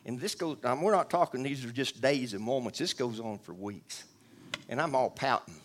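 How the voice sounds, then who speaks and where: A man's voice: mid-range voice, lively intonation, fairly quick, a little hiss or hum. Rambling man giving testimony. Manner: rambling, earnest, with many restarts and asides to the audience. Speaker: church member giving testimony. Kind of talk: spoken testimony.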